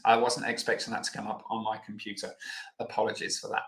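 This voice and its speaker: A man's voice: medium pitch, flat delivery, brisk, sharp tone, roomy sound, faint music behind. A man hosting a live online Q&A lesson, chatty and loose, with plenty of fillers. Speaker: health educator host.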